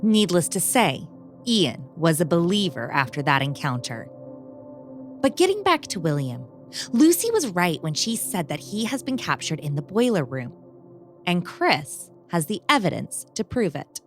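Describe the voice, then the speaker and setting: A woman's voice: lowish voice, a little slow, faint music behind. A woman hosting a podcast, reading scripted narration in a dramatic, storytelling way. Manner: dramatic, expressive storytelling read.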